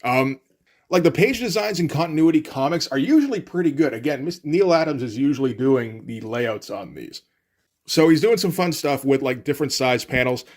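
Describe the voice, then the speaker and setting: A man talks through a comic book page by page in a loose, wry manner. He rambles and fills his pauses with "like" and "uh" without ever sounding rushed. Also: mid-range voice, animated, darkish tone. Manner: wry, rambling, frequent fillers. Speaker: comic reviewer. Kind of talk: casual comic commentary.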